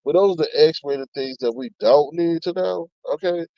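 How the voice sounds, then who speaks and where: Guy ranting on his stream, cussing a lot, kinda high voice, muffled dry mic. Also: normal speed, warm tone, no room sound. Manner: blunt, profane, ranting; reads chat comments aloud. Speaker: commentary channel host. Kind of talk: casual commentary on online drama.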